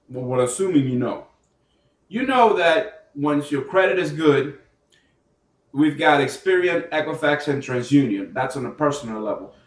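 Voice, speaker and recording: A man coaching viewers on business funding in a loose, animated way, full of rhetorical questions and fillers. His voice sits a little high for a man. He sounds set back from the microphone in an echoey room. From New York. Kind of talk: casual teaching monologue. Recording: echoey room, mic at a distance.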